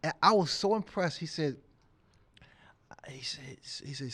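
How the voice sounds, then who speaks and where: A man in his sixties, a guest in a casual interview, telling stories with lively acted-out quotes and frequent laughs. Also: a little high, normal speed, long pauses, husky, no echo. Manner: animated storyteller, acts out quotes, laughs often.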